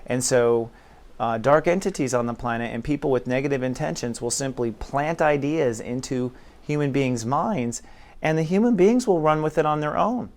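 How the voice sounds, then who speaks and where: A man's voice: mid-range voice, moderate pace, darkish tone. A man acting as spiritual teacher, talking casually and acting out inner dialogues in quoted voices. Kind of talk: casual spiritual talk to camera.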